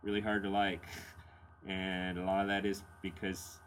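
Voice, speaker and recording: A man's voice: low voice, level tone, moderate pace, a little hiss or hum. A middle-aged man hosting a blues radio show, casually answering listener letters in a rambling, candid way with plenty of fillers and chuckles.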